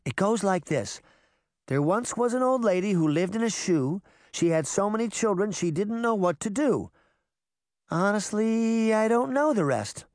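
Eager little girl, high and emphatic, male narrator puts her on, dry recording. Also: expressive, measured pace, darkish tone, no echo. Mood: excited. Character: eager excitable young girl.

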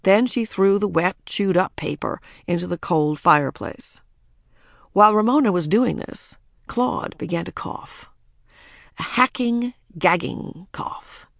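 A woman narrating a children's storybook in a lively, expressive way. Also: medium pitch, a little slow, vocal fry, no echo, studio quality. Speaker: audiobook narrator.

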